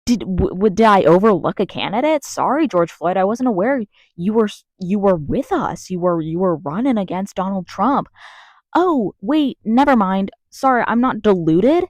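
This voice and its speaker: A woman's voice: medium pitch, animated, normal speed, darkish tone, no echo. Angry young woman ranting in a closet. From United States. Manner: angry, swearing, rambling with many restarts. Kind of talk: ranting vlog monologue.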